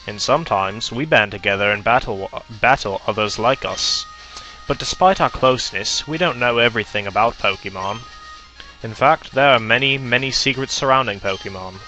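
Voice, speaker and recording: A man's voice: medium pitch, moderate pace, sharp tone, dull audio, soft background music, lightly acted. A man voicing a cheery middle-aged Pokemon professor in a hammy put-on Australian accent, hearty and theatrical. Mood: hearty welcoming.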